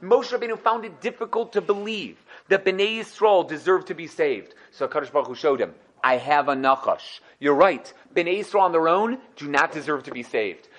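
A man giving a Torah class, animated, acting out quotes and asking the class questions. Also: on the high side, normal speed, few pauses. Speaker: Torah teacher.

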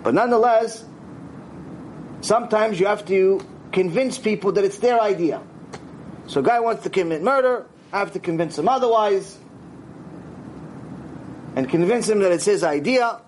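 High-voiced rabbi, animated storyteller. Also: male voice, normal speed, long pauses, a little hiss or hum. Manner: animated storytelling, acts out dialogue, sprinkles Hebrew words. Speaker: rabbi teaching a Torah class. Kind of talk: lively Torah lecture.

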